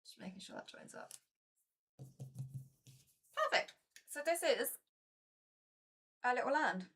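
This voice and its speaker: A woman's voice: high voice, big pitch swings, slow, a bit bright, a little hiss or hum. A woman chatting casually to her viewers while playing a board game, chatty and self-mocking.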